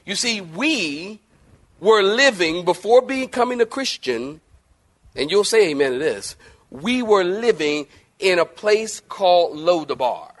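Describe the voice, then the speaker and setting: A male pastor delivers a sermon in church with plenty of energy, moving between loud, emphatic passages and soft, gentle ones while joking with the congregation. His voice is high-pitched and his pace unhurried.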